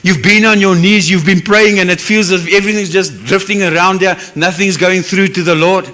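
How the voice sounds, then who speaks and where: A man's voice: high-pitched, steady tone, a little fast, pushed and bright. A man with a South African English accent preaching a sermon as pastor, earnest and emotional, with Afrikaans phrases mixed in.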